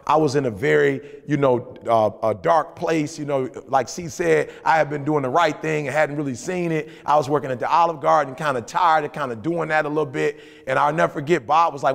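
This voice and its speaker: A man co-hosting a podcast, giving motivational advice in casual talk, telling stories with animated emphasis and repeated phrases. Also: fairly high pitch, fairly quick, gravelly, few pauses, long reverb tail. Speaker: podcast co-host.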